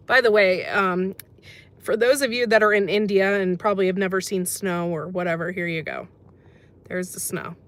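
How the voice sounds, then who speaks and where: A woman's voice: mid-range voice, fairly even intonation, normal speed. An American woman hosting a casual livestream, chatting with viewers and reading their comments aloud, with many ums. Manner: chatty, says um often, sympathetic. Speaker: livestream host reading chat.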